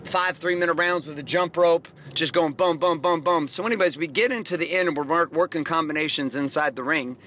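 A man's voice: on the high side, brisk, few pauses, fairly bright tone, slight background noise. A middle-aged man hosting a podcast, telling profane, rambling stories in a casual motivational monologue. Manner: profane, rambling, emphatic storytelling. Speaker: podcast host.

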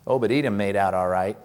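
A man preaching a sermon in a conversational way, asking the congregation questions and acting out what people in the passage say. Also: fairly low pitch. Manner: conversational preaching with rhetorical questions and animated acted-out quotes. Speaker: pastor. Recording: long hall reverb.

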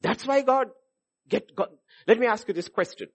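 Delivering a sermon at an ordinary pace, a male pastor swings between quiet, reflective asides and loud, lively passages in which he performs the voices of those he's quoting.

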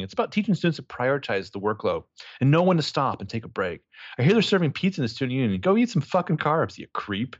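Animated man recapping a show in a dry, dull recording. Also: mid-range voice, quick pace, no room sound. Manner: animated, acts out characters' lines with profanity. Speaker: podcast co-host recapping a TV episode. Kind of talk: casual chat.

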